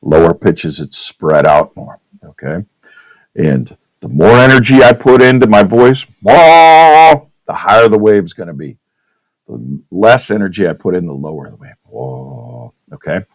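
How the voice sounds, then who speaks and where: This lowish-voiced teacher keeps his whiteboard physics lesson casual, regularly asking "okay?" and using his own voice for demonstrations. The recording is rough, with no room sound.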